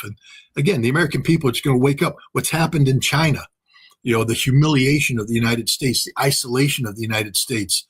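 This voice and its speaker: A man's voice: medium pitch, fairly bright tone, husky. A man giving emphatic political commentary, firing off rhetorical questions.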